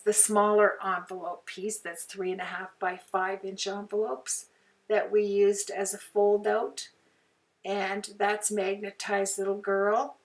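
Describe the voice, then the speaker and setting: Woman, craft tutorial host, slow and chatty, a bit far from the mic. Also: mid-range voice. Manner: unhurried, chatty, with many fillers. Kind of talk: casual craft tutorial chat. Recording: voice some distance from the mic.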